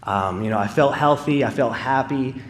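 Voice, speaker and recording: A man's voice: mid-range voice, normal speed, slight background noise. A man giving a live testimony in church, telling his story in an earnest, conversational way with casual fillers. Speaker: speaker sharing a personal testimony.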